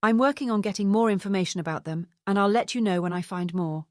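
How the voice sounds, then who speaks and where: A woman voicing a blunt, wealthy, tech-savvy divorcee who explains things briskly in an audiobook. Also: medium pitch, no echo, studio quality, natural voice. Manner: brisk, matter-of-fact explaining.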